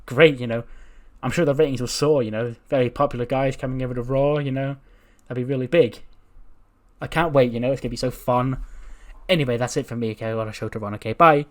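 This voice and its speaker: A man's voice: medium pitch, steady tone, quick pace, close to an everyday voice. A man doing a curt, dismissive woman boss. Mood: sarcastic. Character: curt, dismissive female wrestling show boss.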